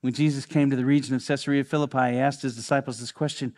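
A male pastor preaching a sermon with passion. He repeats phrases for emphasis and sometimes drops to a hush. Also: medium pitch, steady tone, fast.

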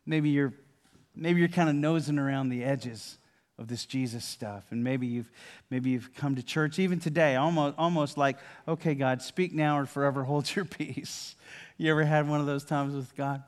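An older man preaching a sermon in a conversational way, often repeating and restarting words, dropping to a hushed voice for key lines and rising loud and animated at others. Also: on the high side, normal speed. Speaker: pastor.

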